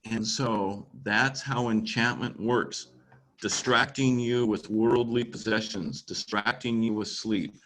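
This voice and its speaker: A man's voice: on the low side, fairly even intonation, takes it slowly, fairly bright tone, low-quality recording. A man at a church gathering teaching casually about a storybook, explaining as he goes and reading passages aloud. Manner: informal, explains as he goes, with fillers.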